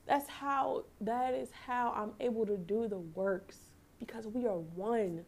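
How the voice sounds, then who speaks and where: A woman's voice: on the high side, a little slow, few pauses, a little mellow. A young woman hosting a faith podcast. She reads scripture aloud and talks about it in an earnest, emotional way, often stopping to correct herself. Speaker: podcast host. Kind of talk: casual devotional talk.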